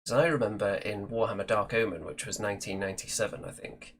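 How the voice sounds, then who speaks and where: A man hosting a casual hobby chat show, talking in a relaxed, chatty way and thinking aloud. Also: lowish voice, quick pace, hardly any pauses. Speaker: show host.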